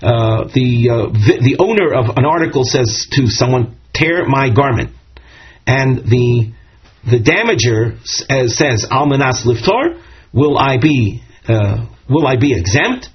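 A man's voice: medium pitch, animated, unhurried, husky. A man giving a Talmud lesson, reading Hebrew and Aramaic phrases and explaining them, with fillers and restarts. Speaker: Talmud teacher. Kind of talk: Talmud class lecture. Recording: dull lo-fi recording.

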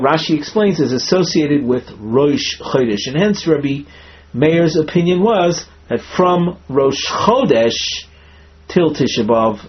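A man teaching a Talmud class, the text and explaining it step by step in a measured way, an of the text. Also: medium pitch, breathy edge. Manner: reads and explains, slow and measured, with self-corrections. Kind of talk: Talmud class, reading and translating line by line. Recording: muffled lo-fi class recording.

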